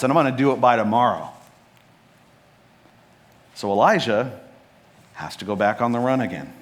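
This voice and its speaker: A man preaching a sermon as pastor, telling a Bible story with lively acted-out lines. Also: mid-range voice. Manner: animated storytelling, acting out Bible characters' lines. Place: church sanctuary.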